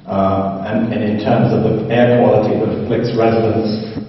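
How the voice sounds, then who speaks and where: A lower-voiced man from Jersey delivers a measured public speech, pausing on fillers and restarting phrases. He is heard from a distance in a large, echoey hall with a long reverb tail. The recording is dull and lo-fi, with faint background noise. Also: little pitch movement. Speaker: parish constable speaking at a public meeting.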